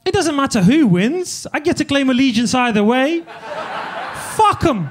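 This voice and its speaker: A young stand-up comedian from Eastern Europe with a strikingly high-pitched voice, chatting to a club crowd in a loose, profane banter. He speaks into a handheld stage mic. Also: very animated, unhurried, a little hiss or hum.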